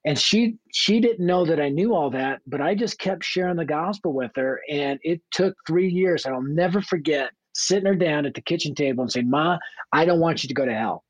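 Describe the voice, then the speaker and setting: A man from Denver, a guest evangelist and author, telling his life story in a radio interview with blunt, animated energy. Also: fairly high pitch, normal speed, hardly any pauses, dry recording, rough recording. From Denver, United States.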